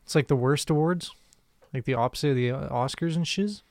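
A man co-hosting a comedy podcast, animated and quick to laugh in casual chat. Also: fairly high pitch, dry recording, studio quality. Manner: animated, laughs often, excitable. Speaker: podcast co-host.

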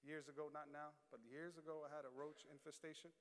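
A man preaching a sermon as pastor, animated, dropping low and quiet then building to loud shouts. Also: fast talker, slight background noise. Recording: long hall reverb.

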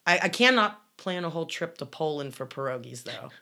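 Woman, middle-aged, low voice, blunt and cussing, casual co-host chat. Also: animated, brisk, sharp tone. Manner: blunt, storytelling, swears freely. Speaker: podcast co-host reading listener comments.

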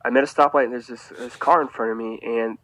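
A man telling a rambling, animated story as a guest on a casual podcast, often restarting his sentences. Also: mid-range voice, fast talker, dry recording, poor audio.

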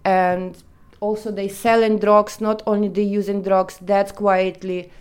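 Woman, smooth clear voice. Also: medium pitch, flat delivery, darkish tone. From Eastern Europe. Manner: halting non-native English, vivid storytelling. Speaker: interviewee. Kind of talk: personal testimony.

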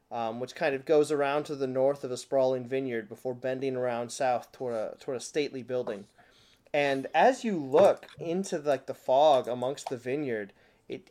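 Man, game master, tabletop narration, relaxed, lots of "uh" and "kind of", mid pitch. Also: slight background noise. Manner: relaxed, filler-heavy descriptive narration.

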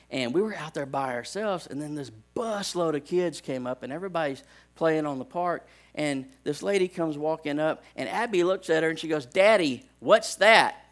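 A man preaches from the pulpit, telling homespun stories about his kids. His voice sits a bit high for a man, and he talks in a folksy, animated way that builds into firm preaching. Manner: folksy storytelling, animated when acting out scenes. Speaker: pastor. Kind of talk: sermon with personal stories.

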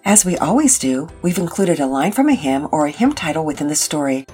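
A woman's voice: low-pitched, big pitch swings, brisk, darkish tone, husky, faint music behind. A woman hosting and narrating a children's family story, reading it aloud. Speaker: storyteller and host.

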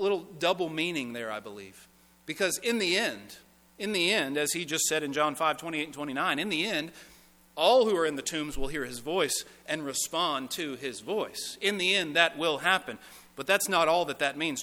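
A man preaching a sermon in a church, rising to strong emphasis and dropping to quiet, earnest pleading. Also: fairly high pitch, a little slow. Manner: preaching with swells of intensity and hushed, earnest pleading. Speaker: pastor. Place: church sanctuary. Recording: church sanctuary with long reverb.

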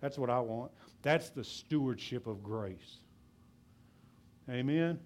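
A man preaching a sermon as pastor, talking loud and fast and passionately, then dropping to a low, quiet voice. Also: expressive. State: out of breath.

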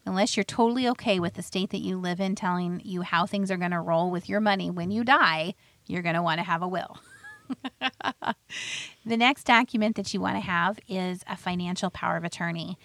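A woman's voice: lowish voice, fairly quick, a bit bright, no echo. A woman hosting a financial radio show, explaining retirement planning in plain words and telling stories about clients. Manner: plainspoken, tells client stories, laughs lightly. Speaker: financial advisor and radio host.

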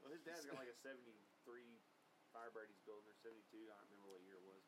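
A man's voice: fairly low pitch, fairly even intonation, rapid-fire, over a noisy crowd, rough recording. A man cracking jokes in a casual chat among racing friends. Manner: joking, wisecracking.

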